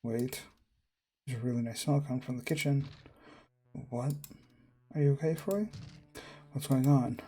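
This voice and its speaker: A man's voice: mid-range voice, a little slow, long pauses, dark tone, husky. A man reading a visual novel aloud, doing narration and all the characters in his own voice and reacting as he goes. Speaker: game streamer.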